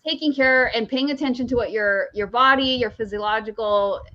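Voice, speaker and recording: A woman co-hosting a podcast, telling a personal story in a casual, animated way and often repeating her phrases. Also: a little high, a little fast. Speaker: podcast co-host. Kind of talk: casual chat. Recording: dull lo-fi audio.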